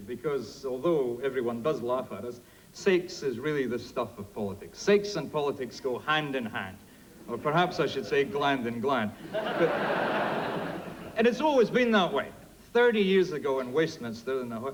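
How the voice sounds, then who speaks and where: A man's voice: medium pitch, slight background noise, poor audio. A man with a Scottish accent giving a jokey, punchy comic debate speech from a theatre stage. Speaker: debater, politician. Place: theatre stage before an audience.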